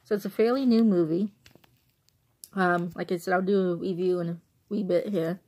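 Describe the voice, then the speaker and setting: A young woman from suburban Chicago, Illinois, speaks in a fairly low, darkish voice with fairly even intonation at a moderate pace. She vlogs a loose, chatty movie review into her phone, often breaking into laughter.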